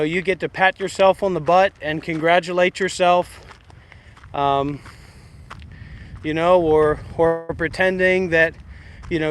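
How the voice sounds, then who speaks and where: A man with a high, sharply bright voice streams live about meditation and talks back at viewers. His delivery is blunt and confrontational, and it wanders as he argues. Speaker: meditation livestreamer. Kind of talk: casual livestream rant.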